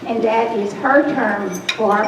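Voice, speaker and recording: An older woman introducing a longtime friend at a dinner event, speaking slowly and with feeling. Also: fairly high pitch, steady tone, background noise. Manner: slow, emotional. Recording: echoey hall, voice from far off. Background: clinking dishes and cutlery.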